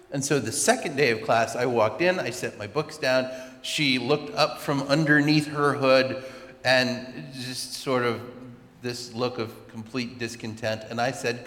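Pastor guy telling a story in his sermon, chatty and lively, big echoey hall. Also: on the high side. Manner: chatty, animated anecdotes with asides. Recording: echoey hall with long reverb.

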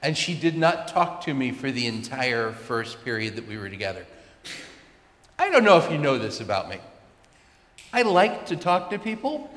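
A man, a pastor, telling a personal story in a sermon with chatty, animated asides. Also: fairly high pitch. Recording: echoey hall with long reverb.

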